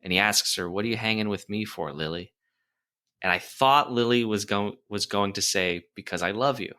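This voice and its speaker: A man with a low but bright, forceful voice tells film scenes with animation and laughs freely as he goes. He talks casually with his co-host on a podcast. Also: moderate pace, clear, resonant tone. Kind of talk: casual film review chat.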